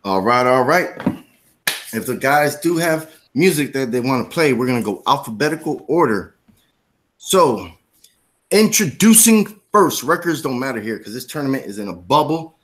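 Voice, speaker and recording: A man's voice: medium pitch, lively intonation, normal speed, fairly bright tone. A man hosting a trivia show in a put-on Jamaican accent, playing a wrestling-style villain persona. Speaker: host.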